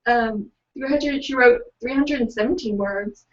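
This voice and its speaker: A woman's voice: a little high, unhurried, distant mic. A young woman co-hosting a live online writing session, chatting casually, hesitant with many fillers and giggles between lines. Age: young adult. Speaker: co-host of a virtual writing event. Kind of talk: casual chat, reading out excerpts. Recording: muffled, from away from the mic.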